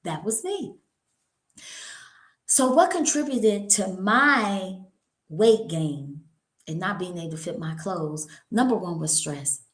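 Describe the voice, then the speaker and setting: A woman's voice: mid-range voice, expressive, slow, pauses often, reverberant, rough recording. A middle-aged woman giving an informal health talk, chatty and folksy, calling her listeners honey. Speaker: holistic wellness speaker.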